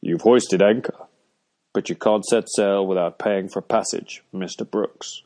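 Pompous butler guy in an audiobook, booming and formal, kinda unusual tone, a guy putting it on. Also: fairly even intonation, unhurried, dark tone. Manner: pompous, ceremonious. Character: formal boisterous male servant.

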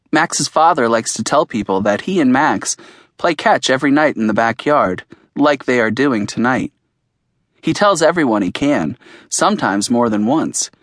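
A man's voice: medium pitch, fairly bright tone, no echo, studio quality. A man narrating an audiobook in the first person, in a plain, earnest storytelling manner.

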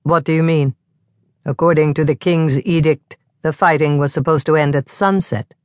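A woman's voice: deep voice, fairly even intonation, normal speed, a little mellow, no echo, clean studio sound, natural voice. A woman reading an anguished, resolute male official in an urgent voice for an audiobook. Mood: urgent, grim.

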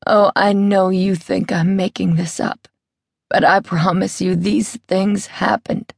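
A woman's voice: mid-range voice, level tone, slow pace, gravelly, no echo. Whimpering, aggrieved melodramatic woman, read by a female narrator; dry studio sound. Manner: aggrieved, histrionic, soft distressed tone.

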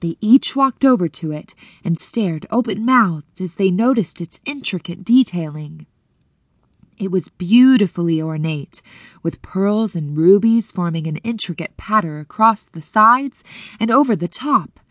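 A woman narrating an audiobook in clear, measured storytelling that lifts at moments of wonder. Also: mid-range voice, animated, no echo. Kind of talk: scripted narration.

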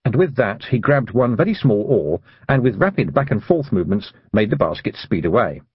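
A male narrator reads a children's fantasy story with a husky, breathy tone and a pitch that swoops up and down. The sound is dry and close, with a slightly dull, muffled quality. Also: moderate pace, dry recording. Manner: lively, expressive reading. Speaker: audiobook narrator.

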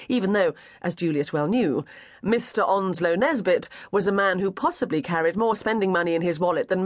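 A man narrating an unabridged novel in a measured, even way on a close studio mic. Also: high-pitched, no room sound. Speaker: audiobook narrator. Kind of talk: scripted narration.

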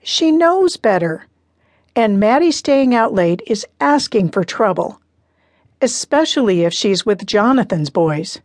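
A woman's voice: mid-range voice, sing-song, a little slow, darkish tone, dry recording, clean studio sound. A woman narrator voicing a stern, firm middle-aged father in an audiobook, speaking insistently. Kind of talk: audiobook character reading.

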